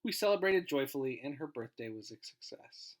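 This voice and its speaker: A man's voice: mid-range voice, expressive, a little fast. A man giving a recorded grammar lesson as a guest teacher, explaining in an informal way and trailing off at the ends of phrases.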